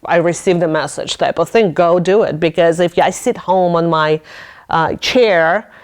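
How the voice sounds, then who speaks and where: This podcast host's voice sits on the low side, and she keeps a measured pace in casual interview chat. She narrates with lots of animation, laughs a lot, and performs her inner thoughts in a louder voice.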